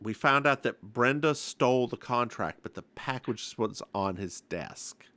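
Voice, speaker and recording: Lively man recapping a TV episode. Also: medium pitch, measured pace, dry recording. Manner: animated storytelling. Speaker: podcast host.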